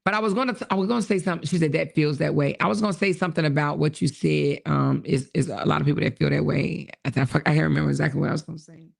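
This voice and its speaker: A woman hosts a casual livestream, reading viewer comments and reacting to them bluntly, with plenty of swearing. Her voice has a rough, gravelly edge. She laughs a lot and drifts off mid-thought. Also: low-pitched, rapid-fire, few pauses. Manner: blunt and profane, laughing often, loses her train of thought. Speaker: livestream host.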